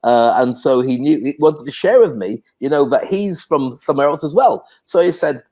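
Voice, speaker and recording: A man's voice: a little high, expressive, moderate pace, few pauses, warm tone. A British man co-hosting in casual chat, chatty and self-deprecating. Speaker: co-host.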